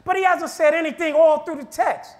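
A man minister preaching a sermon with fervent delivery and shouted repeated refrains. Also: very high-pitched, fairly even intonation, a little fast.

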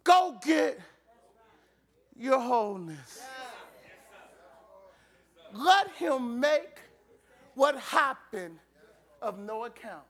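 A man preaching a sermon in a church, shouting and drawing the congregation into call-and-response. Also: extremely high pitch, sing-song, drawn-out words, pauses often.

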